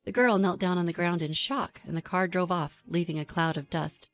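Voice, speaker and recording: Calm woman narrating a story. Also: lowish voice, moderate pace. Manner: calm, even storytelling with dry asides. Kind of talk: first-person story narration.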